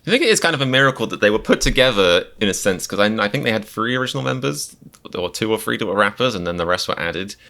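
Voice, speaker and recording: A man's voice: on the low side, big pitch swings, quick pace, creaky, bright, forceful tone, faint music behind. A man giving casual reaction commentary as a comedian, chatty and wry, with lots of fillers and self-mocking asides.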